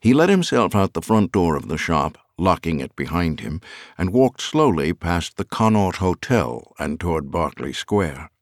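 A man with a very low voice reads an audiobook in a measured, storytelling way. His pitch stays lively and expressive, and the recording is close and dry. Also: no echo. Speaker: audiobook narrator. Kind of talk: scripted audiobook narration.

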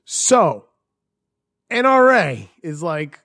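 Dude reading news on a podcast, kinda high voice, swears a lot, dry close mic. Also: male voice, moderate pace, darkish tone, no room sound. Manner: profane, jokey, reads headlines then riffs. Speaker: podcast co-host. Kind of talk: casual crude banter reading news.

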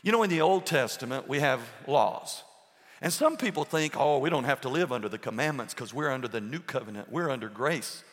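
A man preaching a sermon to his church, firing rhetorical questions and swinging between loud and hushed delivery. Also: medium pitch, lively intonation, fairly quick, big-room sound. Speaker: pastor. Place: church sanctuary.

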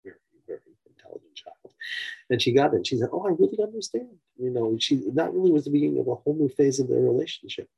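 A man's voice: mid-range voice, quick pace, creaky, dark tone, breathy edge, dull audio. A man teaching through a story in a loose, conversational way, with frequent fillers and asides. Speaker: teacher of a personality-type framework. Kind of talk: storytelling lecture.

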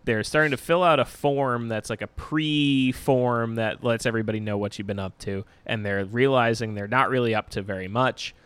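A man casually recapping a comedy film with a co-host, relaxed and swearing now and then. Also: medium pitch, normal speed, hardly any pauses, clear, resonant tone. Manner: laid-back, swears casually, laughs often. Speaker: podcast co-host. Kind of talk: casual movie recap chat.

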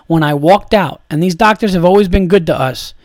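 A man's voice: sits high, a little fast, a little mellow, no room sound, studio quality. A young adult man hosting a podcast, ranting in an exasperated, profane, repetitive way. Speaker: podcast host. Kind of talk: casual ranting monologue.

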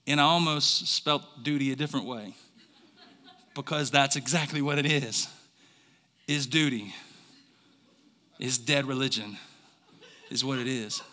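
Preacher guy at a church service, sharp bright tone, long echo. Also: medium pitch. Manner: swings from quiet to shouting, call-and-response questions. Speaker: pastor. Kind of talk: sermon.

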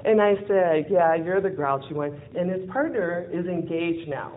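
A woman telling a personal story in a lively way, acting out what people said and laughing often. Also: on the low side, normal speed. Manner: lively, acts out quoted dialogue, laughs often. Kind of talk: personal storytelling with a closing lesson. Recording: phone-like narrow sound with faint noise.

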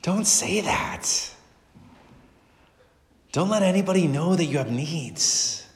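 A man voicing a scornful crowd that hushes and scolds, sharp and half-whispered. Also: fairly high pitch, lively intonation, takes it slowly, echoey room, long reverb tail, pitched above the performer's own voice. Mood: scolding. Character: hushing crowd voice, scornful and insistent.

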